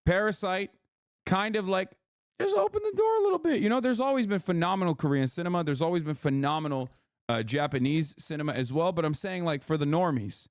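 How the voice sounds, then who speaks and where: A man live-streaming to his chat, emphatic and profane, often checking in with a quick question. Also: fairly high pitch, clean tone, dry recording, clean studio sound. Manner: emphatic, profane, keeps asking "okay?". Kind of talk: livestream chat.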